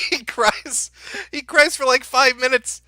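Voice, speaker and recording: A man's voice: very high voice, steady tone, unhurried, sharp tone, no echo. A man streaming, mocking the clips he plays with sarcastic commentary.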